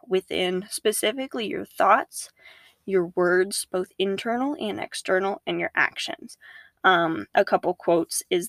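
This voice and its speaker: A young woman, a podcast guest, talking casually about faith, animated, laughing often and acting out her own inner voices. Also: fairly low pitch, creaky, no room sound.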